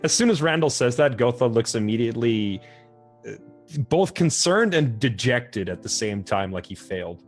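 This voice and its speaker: A man's voice: medium pitch, expressive, moderate pace, soft background music. A man playing a tabletop game, describing his character hesitantly. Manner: hesitant, repeating words. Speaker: player.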